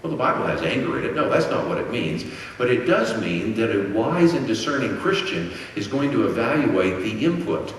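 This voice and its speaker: A man's voice: lowish voice, very animated, normal speed, slight background noise. Middle-aged guy lecturing at a christian conference, asks questions then answers them, sounds far off the mic in a long echoey hall. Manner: teacherly, poses rhetorical questions and answers them. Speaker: conference speaker. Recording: very echoey hall, distant mic, faint ambience.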